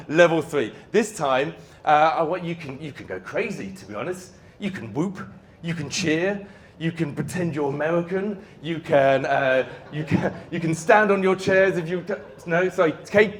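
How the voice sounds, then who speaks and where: Middle-aged motivational speaker, lively and playful with the audience, slightly raised pitch, light background hiss. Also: male voice. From Yorkshire, England. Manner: energetic, playful crowd-warming with shouted chants. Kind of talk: live conference talk with audience participation. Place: conference hall before a live audience.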